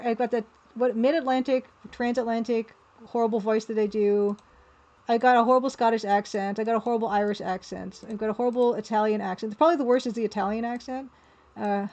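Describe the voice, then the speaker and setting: A woman's voice: fairly high pitch, a little mellow, dull audio. A woman livestreaming as an artist, chatting casually and playfully, with easy laughter. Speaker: livestreaming artist and game developer.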